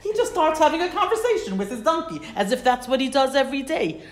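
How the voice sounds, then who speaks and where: A woman's voice: sits high, sing-song, fast. A woman teaching a Bible class who reads Hebrew verses, translates them, and repeats words for stress. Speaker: Torah teacher. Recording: roomy echo.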